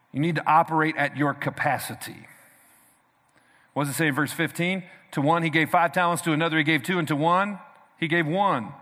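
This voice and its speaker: A man preaching a sermon as pastor, with energetic, punchy delivery and call-and-response to the congregation. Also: a little high. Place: large church hall. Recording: reverberant church hall.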